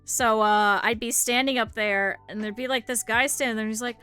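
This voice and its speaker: A young adult woman from the American Midwest, chatting casually on a livestream. Her voice sits high and sounds bright and sharp. She rambles through stories with plenty of fillers, swearing and laughter, and faint music plays underneath. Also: fairly even intonation, fairly quick, clean tone. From Cleveland area, United States. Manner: rambling anecdotal storytelling with lots of swearing and laughter; many fillers and restarts, voices others in her quotes. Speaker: streamer. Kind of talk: casual chat while crafting.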